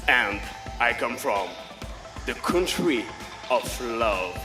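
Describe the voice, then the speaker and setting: A man voicing a drunk, boastful male pageant contestant with a slurred, shouty drawl. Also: mid-range voice, big pitch swings, slow pace, echoey room, music in the background, voice pushed down. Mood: pompous.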